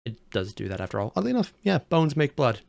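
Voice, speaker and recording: Sarcastic reactor, lively pitch. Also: quick pace, creaky, dry recording. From United States. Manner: sarcastic, jokey, swings between loud outbursts and mutters. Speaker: video reactor. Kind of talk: casual reaction commentary.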